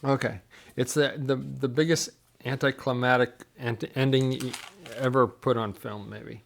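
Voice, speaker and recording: A man's voice: medium pitch, steady tone, gravelly. A middle-aged man co-hosting a casual tabletop gaming chat with his son, rambling and joking as he talks. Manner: jokey, rambling, quick asides. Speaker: podcast co-host, father.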